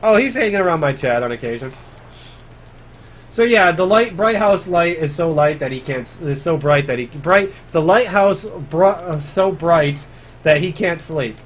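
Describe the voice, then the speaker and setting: A man's voice: on the high side, lively intonation, normal speed, a little hiss or hum. A man giving casual live commentary on his speedrun, chatty and grumbling about mistakes. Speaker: speedrunner streamer.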